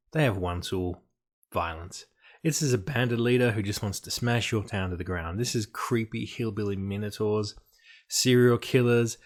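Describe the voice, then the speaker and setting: A man giving an explanatory talk on tabletop game design, emphatic and dry, with playful asides. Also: fairly low pitch.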